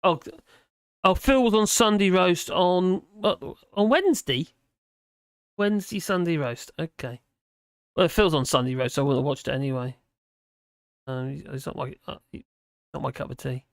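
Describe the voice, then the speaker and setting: A man's voice: fairly high pitch, normal speed, gravelly, pauses often, no room sound, clean studio sound. A tired man hosting a livestream, rambling casually through viewer chat and slurring his words a little. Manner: rambling, with frequent restarts and fillers.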